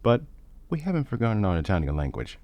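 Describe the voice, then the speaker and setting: A man voicing a calm, easygoing middle-aged brother who has lived abroad for decades, in a relaxed, teasing way, for a fan-made audio story. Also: lowish voice, quick pace, no room sound, highs cut off, pitched above the performer's own voice.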